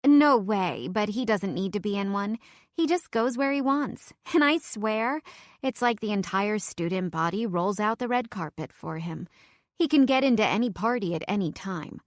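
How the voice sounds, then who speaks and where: A woman's voice: mid-range voice, expressive, normal speed, no room sound, studio quality, lightly acted. A woman voicing a gossipy, well-informed college girl who talks in a confiding way. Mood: emphatic.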